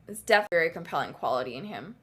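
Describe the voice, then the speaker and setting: Bright-voiced young woman chatting. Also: on the low side, animated, very fast. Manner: chatty, lots of "like" fillers, retells scenes. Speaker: podcast co-host. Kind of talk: casual chat.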